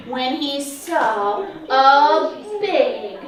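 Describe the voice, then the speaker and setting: A woman's voice: sits high, sing-song, drawn-out words, hardly any pauses, music in the background. A woman librarian reading a picture book to young children in a coaxing, sing-song, teacherly way. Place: library program room. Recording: echoey room, from far off, children around.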